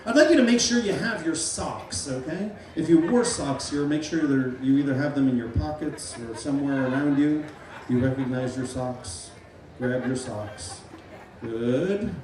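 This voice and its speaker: A middle-aged man working as a stage hypnotist at a live comedy show, playfully giving loud, repeated suggestions to volunteers. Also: fairly high pitch, normal speed, a little hiss or hum. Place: large fair tent. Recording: echoey tent, mic heard from far.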